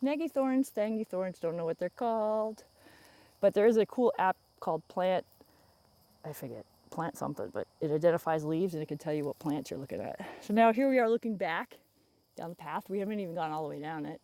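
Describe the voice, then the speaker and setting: A woman's voice: on the low side, expressive, brisk, dark tone, no echo. A woman chatting casually to her viewers on a phone livestream while walking through the woods, rambling and laughing often. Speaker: vlogger. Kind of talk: casual livestream walk-and-talk. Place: woods outdoors. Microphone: phone camera held out in front.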